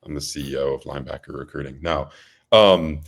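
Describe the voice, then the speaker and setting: Very deep-voiced laid-back man. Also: a little fast, vocal fry. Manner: laid-back, many fillers and restarts. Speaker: co-host. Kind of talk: casual podcast chat.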